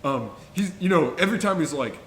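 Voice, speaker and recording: A man's voice: fairly high pitch, lively intonation, fairly quick, slight background noise. A young adult man co-hosting a podcast, chatting about films with enthusiasm and rambling restarts. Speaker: podcast co-host. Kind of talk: casual film-review chat. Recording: echoey room.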